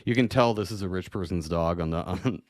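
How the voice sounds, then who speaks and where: A man with a low voice hosts a casual podcast, swearing freely and chuckling between lines. He reads news items aloud in an offhand way. The sound is dry and close, with no room around it. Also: a little fast, dry recording. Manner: loose and profane, laughs often, reads news articles aloud. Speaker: podcast host.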